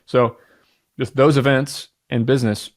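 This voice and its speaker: A man in his thirties hosting a podcast, talking candidly and bluntly in a casual monologue, confident and energetic, with the odd swear word. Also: medium pitch, quick pace. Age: 30s. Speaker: podcast host.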